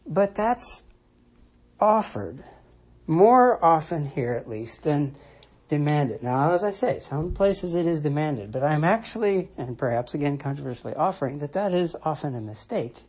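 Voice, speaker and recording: An American Christian commentator with a mellow, husky voice at medium pitch and wide swings in intonation delivers a reflective solo monologue. He speaks in a measured, deliberate way, restating his points for emphasis.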